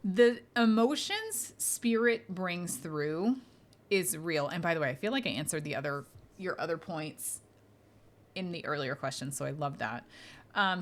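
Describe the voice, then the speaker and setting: A woman's voice: lowish voice, a bit bright. A woman hosting a casual podcast as a medium, chatty and reassuring as she answers listener questions. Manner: chatty and reassuring, frequent fillers, laughs lightly.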